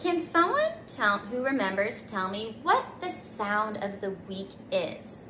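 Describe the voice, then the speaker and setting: A woman teaching a children's circle time lesson in a gentle, sing-song way, stretching out letter sounds for little ones to repeat. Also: mid-range voice, sing-song, unhurried. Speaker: preschool teacher. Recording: echoey room, faint noise.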